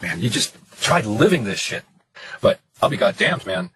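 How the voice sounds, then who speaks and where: A man's voice: on the low side, very animated, moderate pace, background noise. A man in his late forties venting in a frustrated personal monologue, emphatic and profane, piling up lists of words. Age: 40s. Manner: emphatic, profane, repetitive listing.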